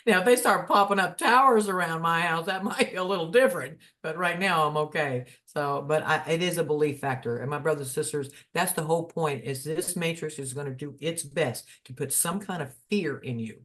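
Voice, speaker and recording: A man's voice: a little high, a little fast, few pauses, sharp tone. A man in a casual spiritual chat, folksy and storytelling, slipping into preachy asides. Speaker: spiritual podcast co-host.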